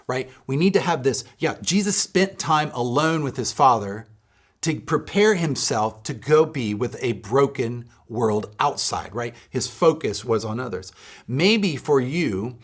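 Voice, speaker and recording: A man preaching a sermon as a pastor at a church, earnest and fond of repeating key phrases for emphasis. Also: medium pitch.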